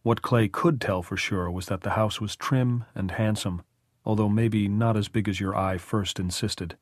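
A man narrating an audiobook in measured, even storytelling. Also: lowish voice, dry recording, clean studio sound. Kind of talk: scripted narration.

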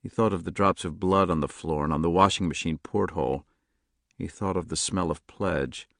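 A man narrating a novel in a steady, measured audiobook reading, close to the mic. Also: deep voice, gravelly, dry recording. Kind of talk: scripted narration.

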